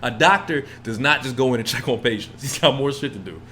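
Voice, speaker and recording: A young man co-hosting a podcast, ranting in a heated, profane, casual way and mimicking other people in low mumbled asides. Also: a little fast, pushed and bright, a little hiss or hum. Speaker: podcast co-host.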